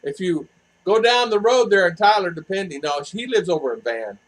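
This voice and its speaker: Brief: older male vlogger, husky voice, a touch high-pitched, easygoing livestream chatter to the camera. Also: animated, normal speed, low-quality recording. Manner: chatty, laughs easily, greets chat by name. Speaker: livestream host. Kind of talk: casual livestream chat greeting viewers. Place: home in a cool hill town.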